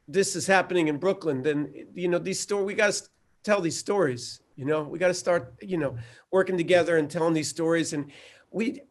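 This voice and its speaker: Halting, higher-voiced man telling a story. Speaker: showrunner guest. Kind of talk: roundtable conversation.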